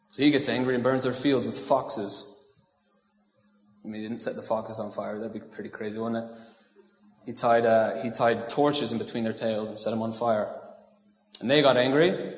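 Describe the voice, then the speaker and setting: A male pastor giving a casual, joking sermon, often checking in with the congregation. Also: medium pitch. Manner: casual, joking asides, asks the crowd "right?". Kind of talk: conversational sermon. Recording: echoey hall with long reverb.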